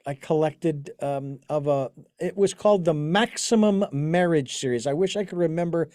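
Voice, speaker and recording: High-voiced man telling rambling stories. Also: normal speed, a little mellow, no room sound, clean studio sound. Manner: rambling storyteller with many restarts and fillers. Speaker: podcast host. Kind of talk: casual interview chat.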